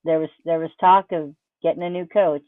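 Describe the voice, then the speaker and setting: A woman's voice: sits low, fairly even intonation, brisk, dry recording. Chatty woman on a tinny video call. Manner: bubbly, chatty, playful fan. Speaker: guest. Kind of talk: casual chat.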